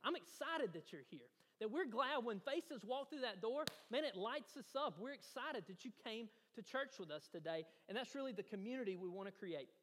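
A male pastor, his voice sitting high and carrying, preaches to his congregation. He tells a personal story and builds to eager emphasis. The long reverb of a church hall trails after every phrase. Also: animated, moderate pace, hardly any pauses, fairly bright tone. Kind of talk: sermon. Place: church sanctuary.

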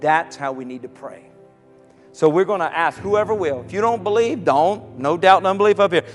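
A man preaching a sermon, swinging from soft, low passages to loud shouted cries. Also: expressive, moderate pace, long reverb tail, soft background music. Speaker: pastor.

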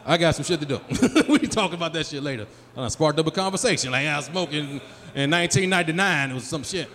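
A man's voice: a little high, quick pace, fairly bright tone. A man in his forties doing live stand-up comedy in a small venue, bantering loosely and profanely with the crowd. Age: 40s. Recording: live room with long reverb, faint noise.

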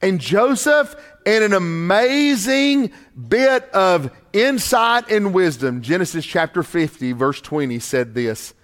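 Man, middle-aged, pastor, sermon, high-pitched, emphatic, swings from loud to hushed. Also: expressive, slow. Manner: emphatic preaching, rising high on key points and dropping low and quiet.

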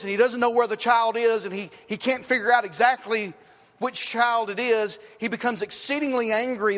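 Pastor, male, high voice, dramatic sermon delivery with sudden quiet drops, long hall reverb. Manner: dramatic preaching, swinging from loud rhetorical questions to hushed lines.

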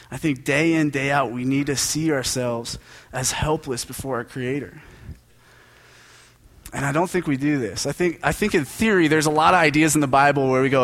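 A man's voice: fairly high pitch, moderate pace, a bit bright. A young adult man, a pastor, giving a casual sermon built on personal stories, joking and conversational with lots of asides.

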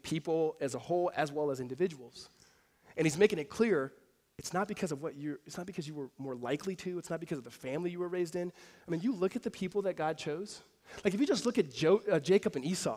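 A man preaching a sermon to a congregation, telling stories with swings between hushed and emphatic delivery. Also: on the high side. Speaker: pastor. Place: church hall before a congregation.

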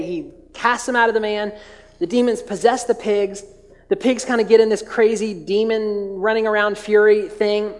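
Joking pastor in a reverberant church hall. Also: male voice, sits high. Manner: chatty, jokey, many filler "like"s and restarts. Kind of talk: casual humorous sermon storytelling.

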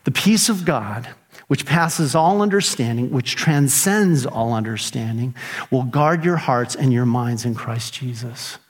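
A middle-aged man preaching a sermon as pastor, animated and earnest, acting out his own prayers and grumbling. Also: mid-range voice, measured pace, husky.

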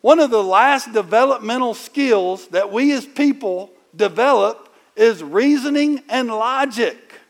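A middle-aged man preaching in a conversational, animated storytelling way, with sudden loud bursts. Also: very high-pitched, a little slow, few pauses. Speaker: pastor. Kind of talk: sermon.

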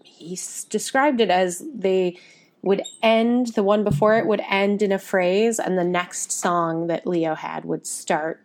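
A woman co-hosting a relaxed theatre podcast, her voice sitting at an ordinary middle pitch. She talks in a chatty, meandering way, full of fillers. She often breaks into little acted-out quotes. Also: a little slow. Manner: chatty, many fillers, animated quoting. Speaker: podcast co-host. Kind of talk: casual chat about musical theatre.

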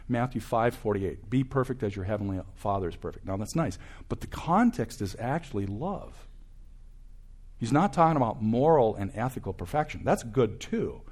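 An older man in his sixties, a campus ministry speaker giving a preaching talk that swings from loud, emphatic bursts to hushed asides. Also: medium pitch.

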